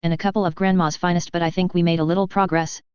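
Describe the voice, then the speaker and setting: A woman's voice: on the low side, flat delivery, fast talker, darkish tone, smooth, no room sound, lo-fi sound, lightly acted. A woman reading a foul-mouthed male ambassador. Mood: blunt. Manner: blunt, swearing.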